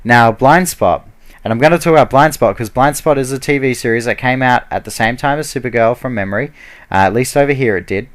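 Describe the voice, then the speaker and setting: A man's voice: medium pitch, brisk. A man giving a heated, casual ranting review, full of fillers and restarts. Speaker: video blogger.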